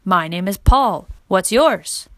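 Kindly storybook fireman, calm and earnest, dry close sound, in a woman reader's own voice. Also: medium pitch, slow, dry recording. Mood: gentle. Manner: gentle, reassuring, earnest.

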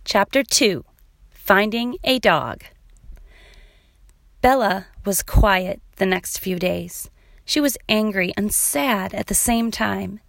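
A woman narrating a children's chapter book, reading clearly and evenly. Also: medium pitch, animated, slow pace, pauses often, no room sound, clean studio sound. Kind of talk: storybook read-aloud.

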